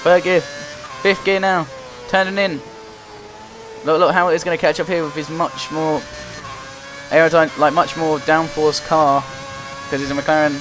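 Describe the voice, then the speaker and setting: A young man giving running play-by-play commentary while playing a racing game, getting excited and frustrated as he drives. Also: on the high side, unhurried, pauses often. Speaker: gaming commentator. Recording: loud game music behind the voice. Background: game music and engine noise.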